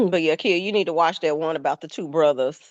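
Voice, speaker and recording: Casual podcast co-host, woman, expressive reactions; dull, dry recording. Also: sits low, brisk, dry recording. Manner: expressive, exclaims and laughs often. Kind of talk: casual chat reacting to news clips.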